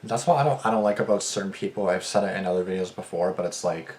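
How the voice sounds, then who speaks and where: Deep-voiced man ranting casually. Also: fast, a little mellow, slight background noise. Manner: rambling, profane, lots of "like" and "bro". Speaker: reaction video host. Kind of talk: casual reaction commentary.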